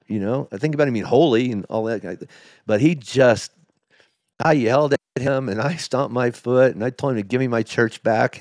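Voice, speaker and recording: Candid middle-aged pastor, halting and emotional. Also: male voice, medium pitch, darkish tone, no room sound, studio quality. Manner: emotional, halting, with many restarts and quoted asides. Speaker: lead pastor. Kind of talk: candid podcast interview storytelling.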